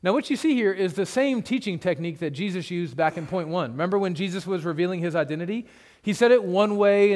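Male pastor in the pulpit, slightly high voice, plain-spoken teaching with light humor and emphatic repetition. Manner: conversational preaching with humorous asides; repeats points for emphasis. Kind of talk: expository sermon.

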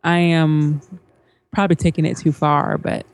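A woman's voice: low-pitched, flat delivery, moderate pace, clean tone. A woman co-hosting a podcast, chatting casually in loose, rambling phrases that trail off. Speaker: podcast co-host. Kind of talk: casual chat.

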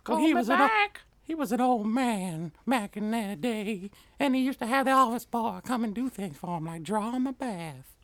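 A man putting on a sly old man's voice for a joke, slow and quavering. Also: sits high, expressive, fairly bright tone, no echo, pitched above the performer's own voice. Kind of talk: comic impression in podcast chat.

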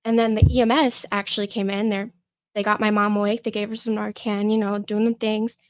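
A woman's voice: medium pitch, flat delivery, no echo. Young woman guest on a podcast, lots of ums and restarts, dead dry sound. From Michigan, USA. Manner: halting, full of fillers and restarts. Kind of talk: personal storytelling in an interview.

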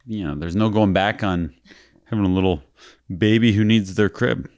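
A man's voice: lowish voice, moderate pace, darkish tone, no echo. A man in his thirties co-hosting a podcast, laid-back and wry, poking fun at himself. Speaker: podcast co-host. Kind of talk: casual chat.

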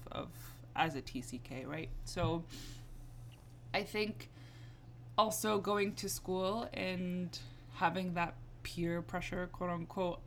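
A young adult woman from the United States, a guest in a casual interview, talking reflectively with many fillers and growing animated when she stresses a point. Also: fairly low pitch, a little hiss or hum.

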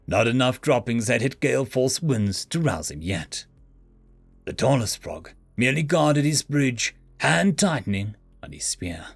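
A man narrating a fantasy story in an expressive storytelling manner. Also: mid-range voice. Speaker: audiobook narrator. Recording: faint background music. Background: faint music.

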